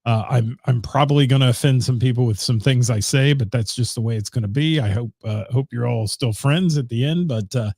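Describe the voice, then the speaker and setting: Gravelly-voiced man hosting a casual show. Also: medium pitch, brisk, hardly any pauses, a little mellow, no room sound, studio quality. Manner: rambling, filler-heavy, chatting with commenters. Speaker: radio show host. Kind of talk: casual live-stream chat. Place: home studio.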